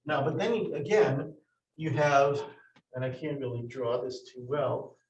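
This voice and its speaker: A man's voice: mid-range voice, unhurried, lo-fi sound. A man teaching a class at a board, explaining step by step with many restarts and questions to his students. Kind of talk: classroom lesson. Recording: roomy, from far off the mic.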